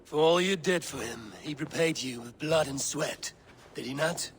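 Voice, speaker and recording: A man's voice: fairly high pitch, moderate pace, slight background noise, lightly acted. An actor playing a stern male warrior leader in a video game, firm and terse.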